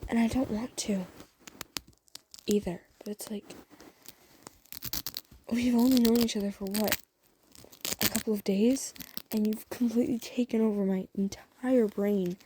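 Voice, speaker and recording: A woman voicing a flustered young man who confesses his feelings in whispered role-play, halting and stammering through half-whispered lines. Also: mid-range voice, fairly even intonation, dark tone, a little hiss or hum, close to an everyday voice.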